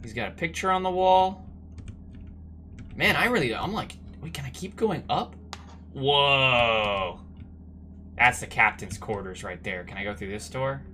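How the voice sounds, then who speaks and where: Sarcastic streamer with a lively voice. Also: male voice, medium pitch, moderate pace, a little hiss or hum. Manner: sarcastic, bored, bursts of loud excitement. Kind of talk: casual game commentary.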